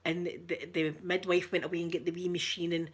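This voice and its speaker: A woman's voice: lowish voice, flat delivery, a little fast, breathy edge. An older Scottish woman talking casually to viewers on a livestream, rambling and correcting herself and laughing often. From Scotland. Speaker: livestream host. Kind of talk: casual live chat with viewers.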